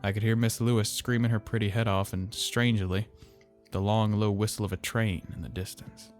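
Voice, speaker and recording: A man telling a horror story in slow, measured, somber narration. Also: fairly low pitch, little pitch movement, faint music behind.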